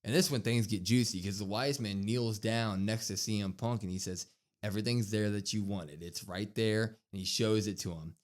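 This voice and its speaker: A man's voice: on the low side, moderate pace. A man co-hosting a wrestling podcast, recapping an episode in casual chat and acting out the quotes with a raised voice. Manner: animated, acts out quotes with raised voice. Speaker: podcast co-host.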